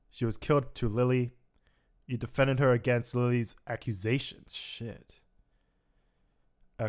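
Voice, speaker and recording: A young man talks over a game he has just finished, tearful and sighing between lines. His voice sits at an ordinary middle pitch, and he reads the results aloud in a halting, emotional way. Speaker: gaming commentator. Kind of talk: let's play commentary.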